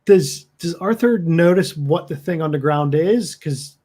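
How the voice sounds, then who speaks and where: A man's voice: a little high, expressive, unhurried, warm tone. A man playing a tabletop horror game, describing what his character does. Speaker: player.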